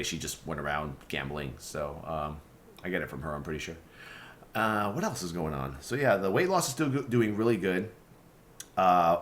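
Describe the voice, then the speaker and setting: A man's voice: on the low side, a bit bright. A young man hosting a casual vlog, rambling and swearing with lots of fillers and restarts. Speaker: streamer and vlog host.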